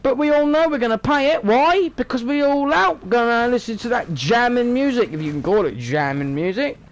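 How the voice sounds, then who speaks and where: British man, 30s, vlogger; high, bouncy pitch, sweary sarcastic rant. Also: normal speed. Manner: sweary, sarcastic, animated ranting. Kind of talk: casual ranting monologue.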